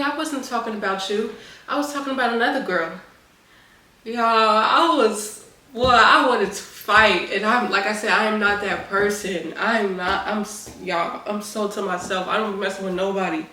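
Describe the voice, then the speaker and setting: Woman telling a story in a roomy echo. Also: mid-range voice. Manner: animated casual storytelling to viewers. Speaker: vlogger. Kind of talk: storytime mukbang chat. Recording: roomy echo, voice a bit far from the mic.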